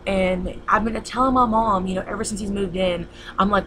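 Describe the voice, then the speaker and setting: A woman's voice: medium pitch, fairly even intonation, normal speed, hardly any pauses, a crowd in the background, rough recording. A young woman telling a long story in a casual vlog, rambling and repeating herself with many fillers. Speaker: vlogger.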